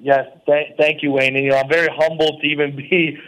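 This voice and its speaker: Calling in from a prison cell, a man speaks as a guest on talk radio, earnest and preachy with many fillers. His voice is fairly high and a bit bright, level in tone and a little fast, and the audio is poor.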